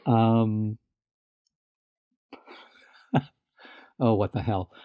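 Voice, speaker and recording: A man's voice: on the low side, fairly even intonation, drawn-out words, smooth, dry recording, narrow, tinny audio. A man co-hosting a podcast, telling stories in casual chat with many restarts and fillers, laughing now and then. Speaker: podcast co-host.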